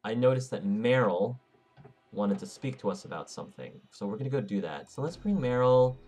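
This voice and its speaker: A man's voice: mid-range voice, animated, a little fast, darkish tone. A man hosting a let's play, chatting casually and correcting himself as he goes. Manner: rambling, self-correcting, chatty. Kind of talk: casual gameplay commentary.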